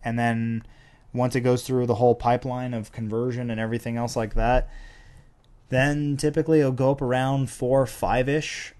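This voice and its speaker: A man's voice: mid-range voice, little pitch movement, moderate pace, a little mellow. A man hosting a casual Q&A, answering viewer questions in a dry, sarcastic way. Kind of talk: casual Q&A chat.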